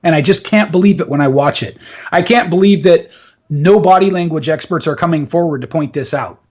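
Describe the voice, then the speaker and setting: A man's voice: on the high side, brisk, darkish tone. A man speaking as a public speaking coach in a casual live interview, emphatic and instructive. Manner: emphatic, explains with instructive asides.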